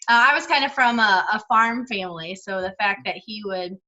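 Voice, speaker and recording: Bright-voiced woman telling a story. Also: medium pitch, a little fast, dull audio. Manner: giggly storytelling. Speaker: guest. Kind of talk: casual chat.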